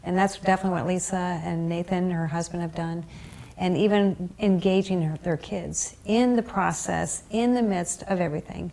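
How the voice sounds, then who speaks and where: A woman host leads a faith podcast with affirming, encouraging talk. She sometimes halts and restarts. Her voice sits a little low. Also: fairly even intonation, gravelly, dark tone. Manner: encouraging, affirming, halting at times. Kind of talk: casual faith conversation.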